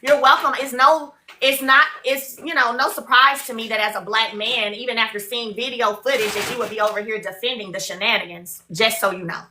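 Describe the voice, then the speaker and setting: A woman's voice: on the high side, steady tone, fairly quick, hardly any pauses, sharp tone, a little hiss or hum. A woman in her thirties hosting a casual livestream, blunt and drawn out with long hums. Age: 30s. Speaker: livestream host.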